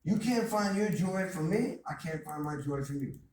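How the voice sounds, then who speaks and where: A man's voice: a little high, lively intonation, normal speed, darkish tone. A man giving an emphatic motivational talk full of stories and repeated phrases, as a guest speaker at a college. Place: college lecture hall. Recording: distant, echoey hall with faint noise.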